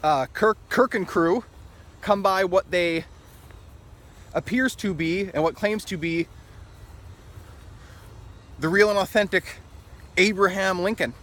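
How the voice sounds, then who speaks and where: A man's voice: high voice, slow pace, pauses often, fairly bright tone. A man talking in a casual opinion vlog, rambling and opinionated and often chuckling, recorded outdoors in a city. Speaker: vlogger.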